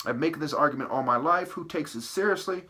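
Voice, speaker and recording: Male solo lecturer, bright tense tone, emphatic and preachy, berates listeners, leans on "okay?" and "right?". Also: a little high, quick pace. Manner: punning word-play, repeated "okay" and "right". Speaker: channel host.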